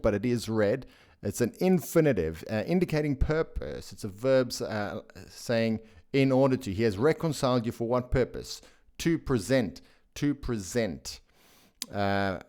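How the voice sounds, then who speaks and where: A man teaching scripture, explaining the grammar of a Greek passage in an unhurried, enthusiastic way with frequent fillers and restarts. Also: on the low side, a little mellow. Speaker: bible teacher. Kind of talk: explaining a Greek sentence diagram.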